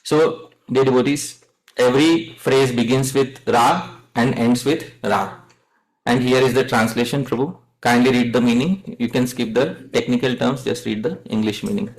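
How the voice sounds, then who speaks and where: A man's voice: mid-range voice, moderate pace, poor audio. Man teaching a devotional class. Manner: asks the audience questions, addresses them as dear devotees. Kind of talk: devotional lecture with call-and-response chanting.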